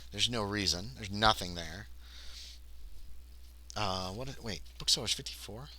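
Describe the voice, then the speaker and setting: Guy streaming a solo tabletop game, super bright edgy voice, reads passages out loud then mutters along. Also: fairly low pitch, a little slow. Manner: reads game text aloud, then chats casually to himself and chat.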